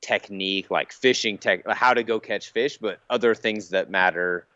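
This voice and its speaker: Low-voiced guy chatting fishing, kinda muffled audio, music quiet behind. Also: moderate pace, dry recording. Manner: jokey, slips into mock accents, then earnest advice. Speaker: guest angler. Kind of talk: casual interview chat.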